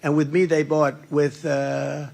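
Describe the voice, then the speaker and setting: A man's voice: a little high, flat delivery, measured pace, vocal fry, darkish tone. An older man giving a campaign rally speech, rambling and boastful, often repeating his phrases. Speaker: political speaker at a rally. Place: large indoor rally room.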